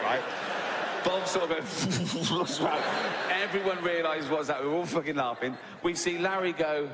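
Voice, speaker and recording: Man, sixties, stand-up comic, fairly high voice, long hall reverb, audible crowd noise. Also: unhurried. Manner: storytelling with frequent "right?" tags and laughs. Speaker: stand-up comedian. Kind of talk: stand-up comedy set. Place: large theatre on stage.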